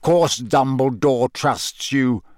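A man voicing a gruff, menacing old male auror who speaks slowly with a growl. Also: mid-range voice, a little mellow, dry recording, studio quality, close to an everyday voice.

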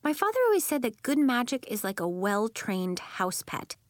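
A woman puts on a young shapeshifting girl for a storybook reading, high-pitched and bouncing with expression. She sounds bright, eager and insistent, and the recording is close and dry. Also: sing-song, normal speed, no room sound. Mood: earnest. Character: eager young girl who shifts into animals.

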